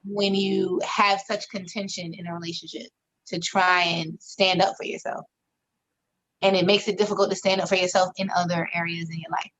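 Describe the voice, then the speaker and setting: A woman's voice: lowish voice, little pitch movement, moderate pace, fairly bright tone, muffled recording, a little hiss or hum. A woman co-hosting a podcast, making her points in a blunt, emphatic way. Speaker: podcast co-host. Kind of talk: casual chat.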